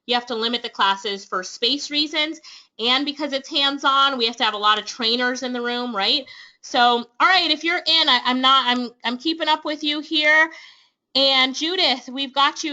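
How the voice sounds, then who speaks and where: A Jamaican woman runs an online class webinar with eager, persuasive energy. Her voice sits high and bright. The sound is dull and lo-fi, like a webinar stream. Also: normal speed. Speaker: online business trainer hosting a webinar. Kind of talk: upbeat sales pitch to webinar attendees.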